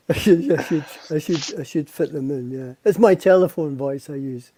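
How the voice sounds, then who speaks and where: A man's voice: fairly high pitch, moderate pace, dark tone, no room sound. A Scottish man, a guest poet, chatting on a video call. He chuckles often and repeats words as he thinks. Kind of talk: casual chat on a live stream.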